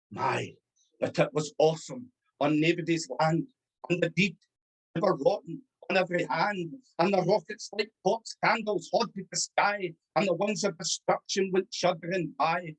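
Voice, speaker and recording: Reciter, husky voice, rolling dramatic verse. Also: mid-range voice, normal speed. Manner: rhythmic, dramatic, storytelling. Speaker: club member reciting verse. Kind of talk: poetry recitation.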